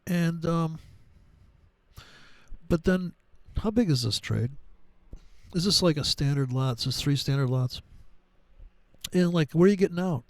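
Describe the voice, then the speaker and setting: Brief: middle-aged man, foul-mouthed trading rant, slightly high voice, dry close recording. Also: animated, measured pace, long pauses, no echo. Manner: profane, wisecracking, digressive. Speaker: trading commentator. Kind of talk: casual rambling chart commentary.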